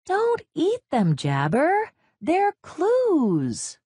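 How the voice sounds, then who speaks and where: A woman voicing an eager little mouse detective in a children's storybook reading, high and excited. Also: very slow, no echo, clean studio sound, exaggerated voice. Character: bright eager young mouse detective Dot.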